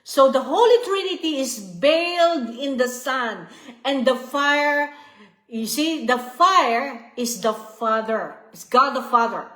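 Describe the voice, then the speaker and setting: A woman's voice: sits high, lively intonation, slow pace, fairly bright tone, reverberant. A woman giving an earnest devotional teaching, often repeating herself and checking in with "okay?" and "you see". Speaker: Bible study teacher.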